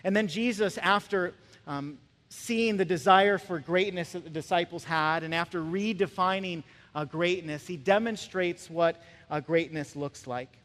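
High-voiced pastor preaching in an echoing hall. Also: male voice, unhurried, fairly bright tone. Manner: conversational, acts out voices of characters. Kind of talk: sermon. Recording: long reverb of a large hall.

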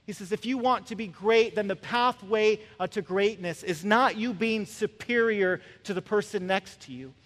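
A man preaching a sermon in a conversational way, acting out quick voices of the people in his stories. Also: high-pitched, a bit bright. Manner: conversational, acts out voices of characters. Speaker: pastor. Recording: long reverb of a large hall.

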